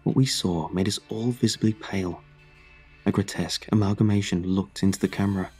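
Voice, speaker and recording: Male horror narrator, very low, mellow tone, faint music under. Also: fairly even intonation, slightly rough. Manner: measured, dramatic storytelling. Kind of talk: scripted horror story narration.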